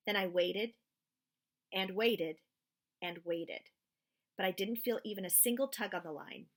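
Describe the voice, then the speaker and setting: A woman reading a children's book aloud, with expressive storytelling. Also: medium pitch, unhurried.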